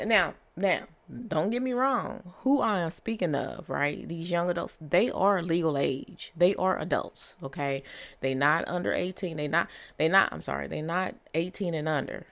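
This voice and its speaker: A woman's voice: low voice, unhurried, a bit bright. A woman giving a casual tarot reading, chatty and repetitive, often checking in with "okay?". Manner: repetitive, conversational, many fillers and "okay?". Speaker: tarot reader.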